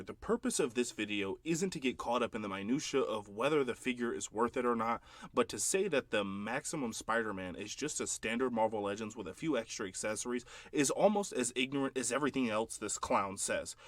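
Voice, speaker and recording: A man hosting his own commentary video, calmly and pointedly debunking another creator's claims. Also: medium pitch, dry recording. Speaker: channel host and editor. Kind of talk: commentary rebuttal. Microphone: phone recording.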